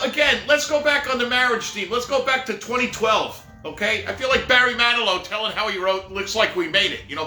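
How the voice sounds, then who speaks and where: Middle-aged guy rambling thru stories, bright punchy voice, echoey room w faint music. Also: high-pitched. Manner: rambling, jokey, laughs at own jokes. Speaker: live-stream storyteller. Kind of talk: casual storytelling.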